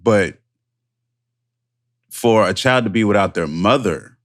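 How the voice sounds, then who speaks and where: A man with a lowish voice co-hosting a podcast. He speaks in a reflective, hesitant way, with pauses and fillers. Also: expressive, fairly bright tone. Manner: supportive listener, reflective and hesitant. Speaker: podcast co-host. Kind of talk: candid personal talk.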